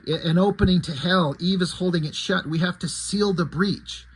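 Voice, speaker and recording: A man's voice: high voice, moderate pace, husky, rough recording. She-Ra, a desperate warrior princess, read by a man. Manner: read plainly in the narrator's own voice. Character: heroic warrior princess She-Ra, adult woman.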